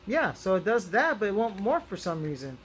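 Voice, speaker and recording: A man's voice: high voice, very animated, a little fast, fairly bright tone, slight background noise. A young man chatting casually through a toy review, rambling with lots of ums and restarts.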